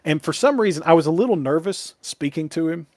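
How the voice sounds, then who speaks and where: A man's voice: on the high side, lively intonation, fast, a little mellow, dry recording, studio quality. Rambling Kentucky man telling a story. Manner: rambling anecdotes, self-mocking. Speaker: guest. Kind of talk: casual podcast chat.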